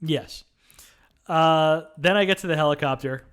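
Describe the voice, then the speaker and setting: A film review podcast co-host casually retells movie scenes, peppering them with plenty of "uh" and "um." His voice is fairly high and a bit bright, with a clean tone and a measured pace.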